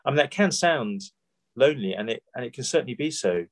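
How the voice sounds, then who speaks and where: A man from Britain preaches a sermon in an easy, conversational way. He keeps asking his listeners rhetorical questions and often restarts a phrase mid-sentence. His voice sits at an ordinary middle pitch. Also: expressive, fairly quick.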